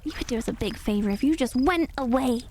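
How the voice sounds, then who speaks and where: Woman doing bratty shrill ducklings. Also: fast talker, a little mellow, slight background noise. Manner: taunting, shrill. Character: mean bratty yellow ducklings.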